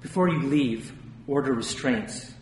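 A man's voice: mid-range voice, roomy sound, recorded from a distance, a little hiss or hum, close to an everyday voice. Man reading a sarcastic, irritated nurse. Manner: slow, flat, sarcastic.

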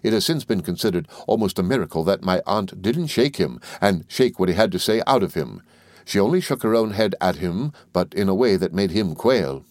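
A man narrating a classic novel as an audiobook reader in a measured, even delivery. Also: sits low, no echo, studio quality.

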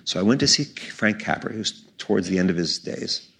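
Raspy-voiced older man telling stories. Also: low-pitched, moderate pace. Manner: animated storytelling with laughs and restarts. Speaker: magician in onstage conversation. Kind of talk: storytelling conversation. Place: stage before a live audience.

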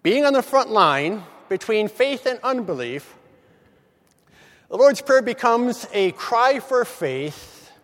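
High-voiced man preaching in a hall. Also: fairly bright tone. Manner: measured, emphatic, stretches key words slowly. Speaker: preacher giving a devotion. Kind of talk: morning devotional reflection.

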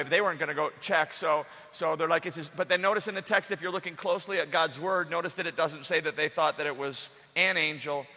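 A male pastor preaching a lively sermon, acting out the story and drawing the congregation in. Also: fairly high pitch. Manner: animated, acts out the story with the congregation. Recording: echoey hall.

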